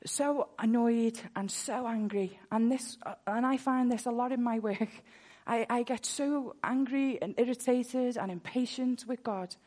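A woman's voice: fairly high pitch, dark tone. A woman preaching a sermon full of personal testimony, earnest, and she repeats words when she gets worked up.

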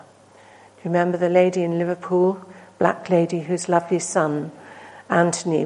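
A woman delivers a sermon in a mellow, darker voice. She tells stories earnestly, pushing lines out with emphasis and then letting them fall almost to a hush. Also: lowish voice, rough recording. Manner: earnest, rising to emphatic then dropping to hushed. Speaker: preacher.

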